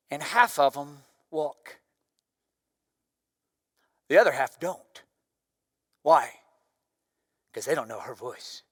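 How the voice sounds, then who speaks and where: Pastor guy preaching, loud voice, bright and forceful, drops to whispers sometimes, big hall reverb. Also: high voice, clean studio sound. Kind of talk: sermon.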